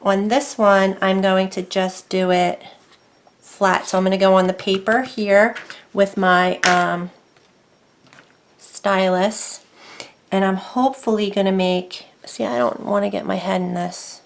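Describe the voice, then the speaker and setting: A woman's voice: mid-range voice, fairly even intonation, unhurried, creaky, a little hiss or hum. A woman narrating a casual craft tutorial from her desk at home, chatty and self-deprecating, thinking aloud as she works.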